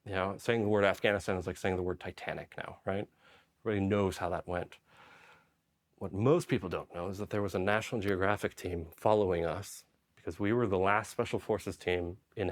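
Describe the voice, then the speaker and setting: A man from Poland, a Special Forces medic, telling stories casually in an interview, rambling with lots of "like" and "right?". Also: lowish voice.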